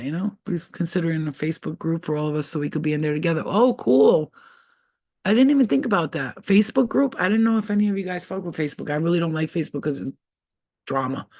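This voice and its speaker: A woman in her thirties doing a casual livestream astrology reading, talking bluntly and animatedly with plenty of swearing. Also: on the low side. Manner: blunt, profane, animated, chatty. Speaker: astrology reader.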